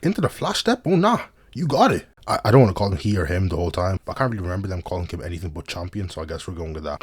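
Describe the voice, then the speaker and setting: A man talks through an anime recap at a quick clip, his voice low and a little husky. He tosses in slangy jokes and playful asides to the audience between plot beats. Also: a little mellow. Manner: slangy, joking asides to viewers. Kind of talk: casual comedic recap commentary.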